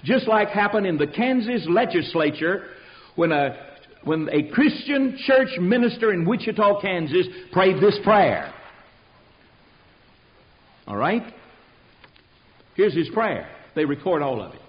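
A man's voice: high voice, very animated, measured pace, long pauses, dull audio. A man preaching a fiery sermon, emphatic and rhetorical, calling out questions to his congregation.

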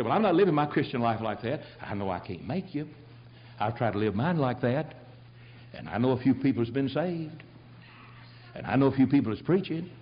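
Older man preaching a fiery folksy sermon. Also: a little high. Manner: fiery folksy preaching, swinging between loud and quiet. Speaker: pastor. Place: church sanctuary. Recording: dull lo-fi church recording.

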